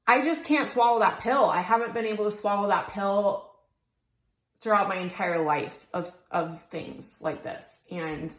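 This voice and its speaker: Close to tears, a young woman who vlogs as a single mom rambles and vents her frustrations into her phone. She has a medium-pitched voice, captured with a roomy sound and poor audio quality.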